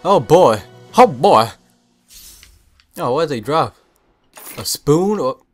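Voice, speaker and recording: A young man giving casual let's-play commentary, full of excited, puzzled exclamations. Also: fairly high pitch, slow. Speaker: gameplay commentator. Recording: game music under voice.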